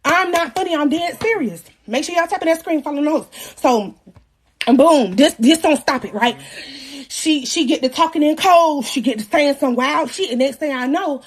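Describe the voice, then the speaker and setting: A young woman in her twenties hosting a livestream, telling a story casually in animated, slangy talk and joking with her viewers. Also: high-pitched, normal speed. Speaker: live-stream host.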